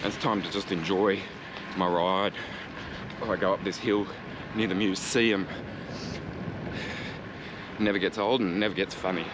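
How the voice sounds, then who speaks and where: A man's voice: low voice, fairly even intonation, a little slow, pauses often. Sweary Australian man ranting on a bike ride. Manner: sweary, sarcastic, chatty. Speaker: cycling vlogger. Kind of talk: casual ranting commentary while riding. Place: outdoors on a city street, riding a bike. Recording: street and traffic noise behind.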